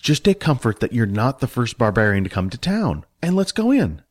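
A man's voice: a little fast, no room sound. Casting: man playing upbeat, reassuring city guide for an audiobook, bouncy delivery, dry close sound. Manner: reassuring, lively, higher-pitched. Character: cheerful streetwise young male guide Jack.

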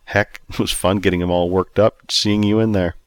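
A man's voice: low voice, little pitch movement, moderate pace, smooth, no echo, clean studio sound, close to an everyday voice. A man voicing a friendly, easygoing bakery worker who talks casually in a storybook reading.

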